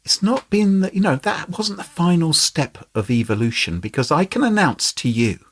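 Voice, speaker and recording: A man's voice: a little high, moderate pace, husky. A man hosting a podcast in casual, jokey chat. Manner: jokey, playful, animated. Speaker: podcast host.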